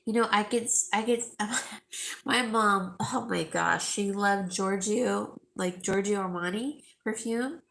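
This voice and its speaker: Hosting a live jewelry sale, a middle-aged woman talks in a mid-range voice that is gravelly yet fairly bright. She gets emotional while chatting casually with viewers, addressing each by name.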